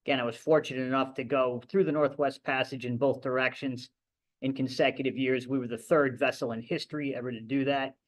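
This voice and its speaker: Middle-aged man, captain giving a library talk, storytelling, mid-pitched voice. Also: steady tone, fairly quick. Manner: conversational storytelling with restarts. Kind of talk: anecdotal lecture. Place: library event room.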